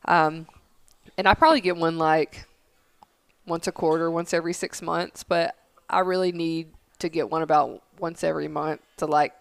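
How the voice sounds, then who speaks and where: Smooth-voiced woman explaining things chattily. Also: fairly low pitch, no room sound. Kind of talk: casual chat.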